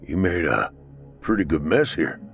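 A man's voice: low-pitched, lively intonation, unhurried, gravelly, soft background music, full character voice. A man voicing a cold young man with a cruel streak in a horror story.

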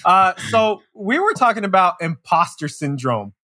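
Casual podcast host man, bright voice. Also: high voice, big pitch swings, normal speed, no room sound, studio quality. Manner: casual, filler-heavy, laughs easily. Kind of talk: podcast conversation.

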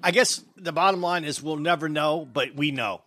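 Bright-voiced, laid-back male co-host. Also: fairly high pitch, normal speed. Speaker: podcast co-host. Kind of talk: casual podcast chat.

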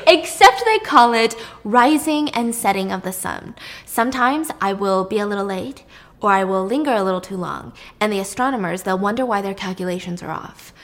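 A woman's voice: mid-range voice, lively intonation, moderate pace, natural voice. A woman voicing a haughty male sun god.

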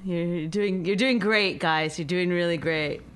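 A woman's voice: on the low side, unhurried, slight background noise. A woman co-host chatting casually on a phone call, easygoing and self-deprecating, laughing often. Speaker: podcast co-host.

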